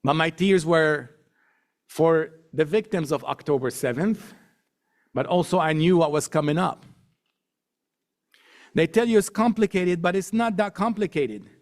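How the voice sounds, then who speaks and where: A middle-aged guest speaker with a slightly high voice gives an emphatic public talk to an audience. He builds his points through repetition and lists, slowing down to stress key words.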